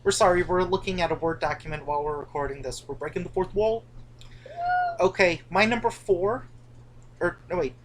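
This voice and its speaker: A woman's voice: lowish voice, brisk, a little hiss or hum. A woman co-hosting a casual chat about theme park rides, teasing and chatty, recorded indoors. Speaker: co-host of a coaster channel. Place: indoors, dim room at home.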